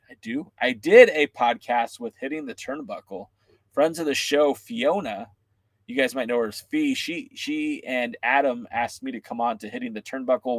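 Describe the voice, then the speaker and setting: Excitable male host, loose livestream banter, even middle pitch, dry sound. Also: no echo. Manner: excitable, joking, chatting with live comments. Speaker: wrestling podcast host. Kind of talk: casual livestream chat with viewers.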